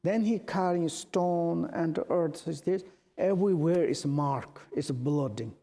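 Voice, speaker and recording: A Buddhist teacher whose native tongue is Tibetan tells a teaching story in halting English full of restarts. His voice sits a little high but sounds mellow and relaxed. It carries the long reverb of a large hall.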